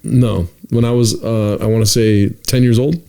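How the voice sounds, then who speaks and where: A young man co-hosting a podcast tells a long story in casual chat, an animated storyteller who acts out the people in it and swears freely. His voice is smooth, on the low side, at normal speed, with vocal fry.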